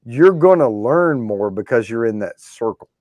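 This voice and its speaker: A man's voice: medium pitch, expressive, normal speed, a little mellow, dry recording. A man hosting a giveaway show, chatting casually about classic rock, rambling with frequent restarts. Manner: rambling, restarts often, storytelling.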